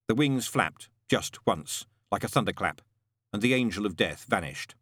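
In a clean studio recording with no echo, a man with a fairly low voice narrates a novel as an audiobook, telling the story in a measured, expressive way.

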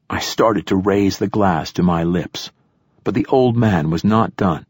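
A man reading a first-person novel aloud as an audiobook narrator, in a dry, measured way. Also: low-pitched, breathy edge, no echo.

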